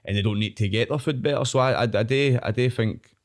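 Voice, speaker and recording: A man's voice: mid-range voice, quick pace. A young Scottish man, a podcast guest, rambling in casual chat and often tagging his sentences with "know what I mean".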